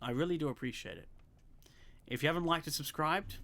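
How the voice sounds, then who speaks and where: A man giving a chatty walkthrough of a puzzle game, thinking out loud as he goes. His voice sits high and sounds bright and forceful, and he slips in joking asides. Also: brisk. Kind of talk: casual gameplay commentary.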